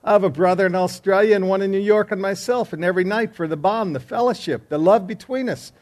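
A man's voice: sits high, fast, a little mellow, voice pushed up, close to an everyday voice. A man voicing a cheerful Irishman in a pub in a joke. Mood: fond.

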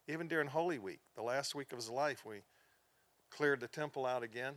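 A middle-aged man preaching to a class in an earnest, storytelling way. He sinks almost to a whisper at the saddest points and then pushes up hard for emphasis. His voice sits at a medium pitch for a man. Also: brisk, fairly bright tone, no room sound. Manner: earnest storytelling, drops to near-whispers in sad moments, rises in emphasis. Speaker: pastor teaching a class. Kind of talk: sermon-style teaching.

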